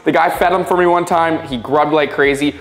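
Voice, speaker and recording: A man's voice: on the high side, steady tone, a little fast. Gushing man in an echoey space. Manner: enthusiastic, gushing, repeats words. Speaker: fish channel host. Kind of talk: casual upbeat vlog chat.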